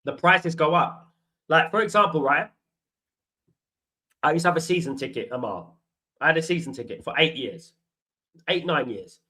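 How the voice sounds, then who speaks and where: A man's voice: a little high, expressive, moderate pace, long pauses, pushed and bright, rough recording. A man, hosting a football fan watchalong and telling stories to viewers in a casual chat. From London. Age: 40s. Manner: chatty storytelling, addresses viewers as guys and mate. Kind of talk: casual live-stream chat.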